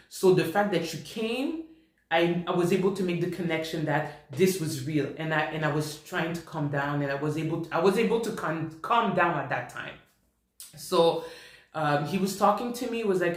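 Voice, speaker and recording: A man vlogger recounting a personal storytime in an animated way, often repeating himself. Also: on the high side, moderate pace. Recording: roomy echo.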